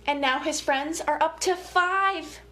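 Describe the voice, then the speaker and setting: A young woman family educator reading a picture book aloud to children, with gentle, playful, chatty asides to her young listeners. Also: sits high, takes it slowly.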